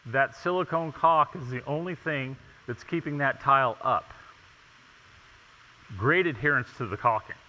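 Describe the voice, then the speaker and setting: A man's voice: medium pitch, sharp tone. Emphatic man lecturing in a reverberant hall. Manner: emphatic, rhetorical questions, frequent "okay?". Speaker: tile installation inspector presenting. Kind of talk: conference presentation. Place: large conference hall.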